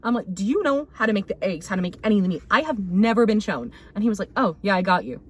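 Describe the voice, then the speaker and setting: Lively young woman telling a story. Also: mid-range voice, quick pace, breathy edge. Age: young adult. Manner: animated, acts out quotes with laughter. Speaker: podcast co-host. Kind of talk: casual storytelling chat.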